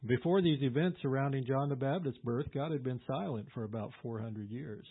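Pastor guy teaching scripture, chatty with lots of uhs, kinda husky, sounds like it's over a phone line. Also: medium pitch, brisk. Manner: conversational, with fillers and asides. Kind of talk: verse-by-verse Bible teaching. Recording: tinny phone-like audio.

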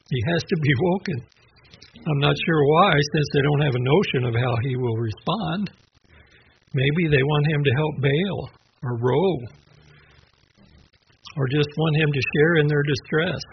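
A man with a gravelly, creaky voice gives a conversational sermon, moving from a personal memory into reflection on scripture. He talks at an easy pace, with small restarts and the odd soft laugh. The recording is dull and lo-fi, with a faint hiss behind him. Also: on the high side. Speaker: preacher.

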